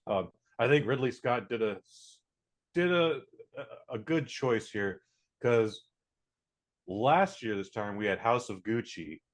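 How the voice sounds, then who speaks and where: A man's voice: mid-range voice, lively intonation, slow. Male podcast co-host, rambling casual movie talk full of fillers, mid-range voice. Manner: rambling, lots of fillers and restarts. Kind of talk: casual movie review chat.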